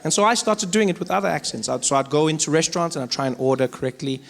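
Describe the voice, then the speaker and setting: A South African man performing stand-up comedy, telling stories with lively accent impressions, on a theatre stage with a stage microphone. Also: a little high, racing, gravelly. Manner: animated storytelling with frequent accent impressions. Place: large theatre stage before a live audience.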